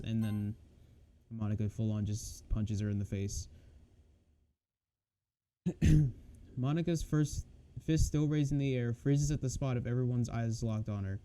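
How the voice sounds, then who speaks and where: Dark-voiced man reading a game aloud. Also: mid-range voice, unhurried, pauses often. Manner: reads in a flat undertone, breaks off to comment. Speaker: streamer reading a visual novel mod.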